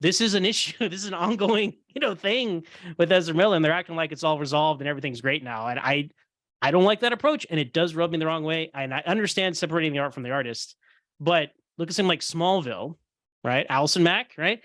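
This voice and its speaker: A man hosting a casual roundtable podcast, ranting in an animated, heated way and acting out quoted voices. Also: fairly high pitch, fast talker, dry recording. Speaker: podcast host.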